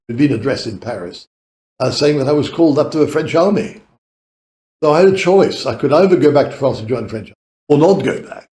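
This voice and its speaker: Guesting on a podcast, an eighty-something British man rambles through lengthy stories, cursing casually and laughing a lot. His mid-range voice is a little mellow, and the recording is reverberant.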